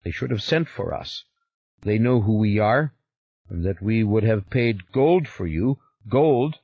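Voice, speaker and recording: A man's voice: fairly low pitch, expressive, unhurried, no room sound, muffled recording. A man reading an audiobook, voicing an insistent, powerfully built stranger who speaks urgently and presses his point. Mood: intense. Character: powerful northern European man, insistent, knowing.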